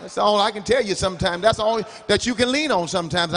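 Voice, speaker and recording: A middle-aged man preaching a revival sermon in a church, rising to shouted, half-sung climaxes. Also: sits high, quick pace. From United States. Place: large church sanctuary. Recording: church hall reverb.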